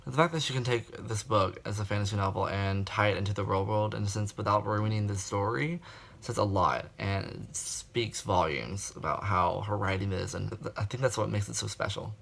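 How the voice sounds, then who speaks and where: Young male book vlogger with a gravelly voice, casual and dramatic. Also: lowish voice, steady tone, normal speed, fairly bright tone. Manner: chatty, dramatic, filler-heavy. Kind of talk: casual reading vlog.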